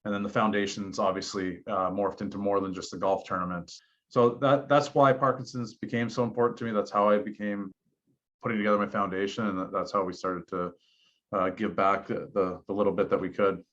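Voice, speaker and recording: A man's voice: fairly low pitch, little pitch movement, brisk, a bit bright. A man speaking as a podcast guest, telling personal stories in an earnest, reflective way. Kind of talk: casual interview talk. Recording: dull lo-fi podcast audio.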